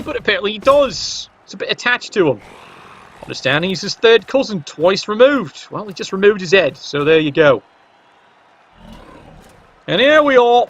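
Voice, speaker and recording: A man's voice: high voice, a bit bright. Wry man commentating a match. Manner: wry, joking asides. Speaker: game commentator. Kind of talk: play-by-play commentary. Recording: dull lo-fi recording.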